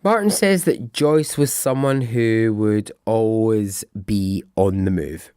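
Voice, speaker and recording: Man, podcast host, slow unhurried delivery, lowish voice, chatty and musing, swears casually. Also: warm tone, clear, resonant tone, dry recording, clean studio sound. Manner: chatty and musing, asks himself questions, swears freely. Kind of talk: casual true-crime storytelling.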